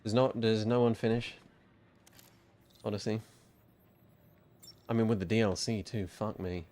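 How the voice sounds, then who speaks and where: A man's voice: fairly low pitch, fairly even intonation, a little slow, a little mellow. A man giving laid-back, casual commentary while he streams a game and swears freely.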